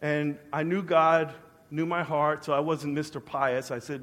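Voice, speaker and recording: High-voiced preacher with hall echo. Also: male voice, flat delivery, measured pace. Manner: dramatic swings from hushed to loud, acts out prayers. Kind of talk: sermon testimony. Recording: long hall reverb.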